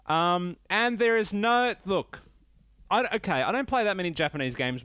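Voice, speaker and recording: A man hosting a casual solo podcast, rambling and swearing as he rants with lively swings in pitch. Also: moderate pace, smooth, no echo. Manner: rambling, profane, animated rants. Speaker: podcast host reviewing games.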